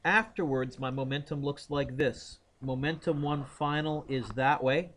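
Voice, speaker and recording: A man's voice: a little high, a little slow, fairly bright tone. Man thinking aloud through physics problems. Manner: thinks aloud, quizzes students by name. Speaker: physics teacher. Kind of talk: classroom lecture working problems aloud. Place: classroom.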